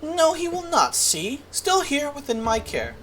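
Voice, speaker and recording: A woman voicing a pompous, flamboyant gentleman adventurer in a video game, with grand, theatrical diction. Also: high-pitched, huge pitch swings, a little slow, faint music behind, heavily acted. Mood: grandiose. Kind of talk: reading game dialogue aloud.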